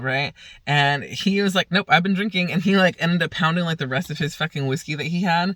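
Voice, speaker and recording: A man's voice: a little high, normal speed, pushed and bright, dry recording. A young man casually telling a rambling, profane story on his vlog, often laughing. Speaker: vlogger.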